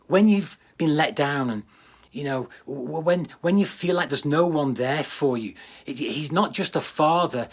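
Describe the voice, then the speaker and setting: A man's voice: on the high side, a bit bright, slightly rough. A man with a British accent preaching a livestreamed sermon, earnest and emphatic, repeating key phrases for weight. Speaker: pastor.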